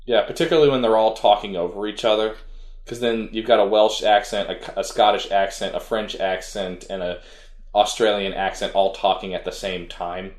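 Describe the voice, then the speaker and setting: A man with a low, deep voice talks casually through a review, circling back and restarting his sentences as he goes. The room around him is roomy and echoey. He sounds like a podcast co-host thinking out loud. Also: steady tone, normal speed. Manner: rambling, with frequent restarts. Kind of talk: casual chat reviewing an anime.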